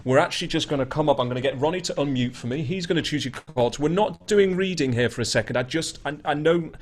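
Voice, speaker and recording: A man's voice: fairly high pitch, quick pace. A man teaching an online beginner guitar lesson in a chatty, explaining way. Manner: chatty, explains while scatting rhythms.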